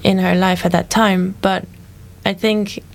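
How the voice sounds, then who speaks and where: A woman's voice: mid-range voice, flat delivery, a little slow, vocal fry. A woman in a casual art discussion, rambling through her thoughts with restarts and frequent "you know". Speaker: discussion guest.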